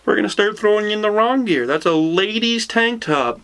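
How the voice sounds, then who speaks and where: A man hosting a casual whiskey tasting, joking around and reading tasting notes slowly. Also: high voice, expressive, background noise. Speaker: show host.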